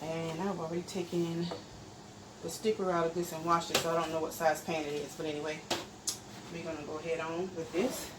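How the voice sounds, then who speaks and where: A woman talks her viewers through a home recipe in a relaxed, chatty way, explaining each step as she stirs and measures. Her voice sits a little low, and a steady noise runs clearly under the recording from her home kitchen. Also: brisk. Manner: explains steps while stirring and measuring. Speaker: home cook and channel host. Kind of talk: casual cooking demonstration.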